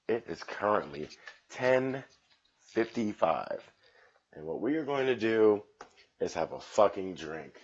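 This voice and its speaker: A man hosting a rambling solo comedy podcast, profane and sarcastic, just woken up and yawning, swinging between loud bursts and mumbles. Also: on the low side, expressive, unhurried, dull audio. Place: at home.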